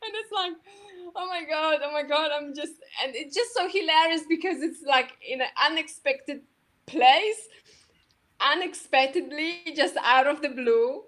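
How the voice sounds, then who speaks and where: Woman, high and unhurried, soft halting conversational delivery. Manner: soft, halting, many restarts and laughs. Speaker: co-host. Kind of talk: casual spiritual conversation.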